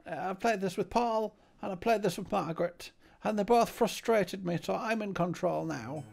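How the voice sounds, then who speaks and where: A man voicing a fussy, bossy sidekick with a high, prim voice. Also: normal speed, creaky, darkish tone. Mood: prim fussing. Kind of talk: comedic let's-play banter.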